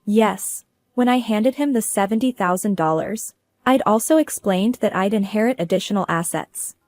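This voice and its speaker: A woman's voice: mid-range voice, moderate pace, darkish tone, no echo. Female narrator, cool businesslike delivery, dry close recording. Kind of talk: first-person story narration.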